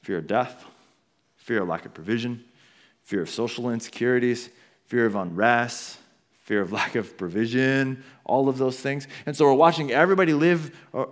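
A pastor preaching a sermon, telling the story animatedly and talking casually to the congregation. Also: male voice, normal speed. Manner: animated storytelling, acting out quotes with big swings in pitch and volume; conversational asides to the congregation.

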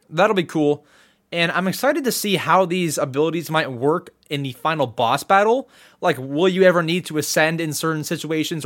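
Animated man hosting a solo podcast. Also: on the high side. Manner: keeps clearing his throat; excitable, animated. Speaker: podcast host. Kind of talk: casual solo podcast commentary.

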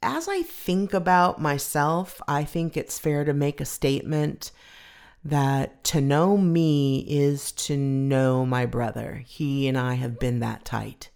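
A woman's voice: sits low, takes it slowly, creaky, a little mellow, clear, resonant tone. A woman podcast host giving a recorded intro, speaking in a fond, reflective storytelling way.

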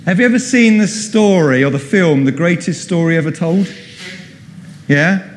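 A man preaching a sermon in a relaxed, chatty way, quizzing his congregation as he goes. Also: a little high, normal speed, slight background noise. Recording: long hall reverb.

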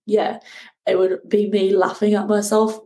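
A woman, a guest telling her ocean rowing story in a lively conversational way. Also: medium pitch, measured pace, low-quality recording. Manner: animated, acts out shouting at the sea.

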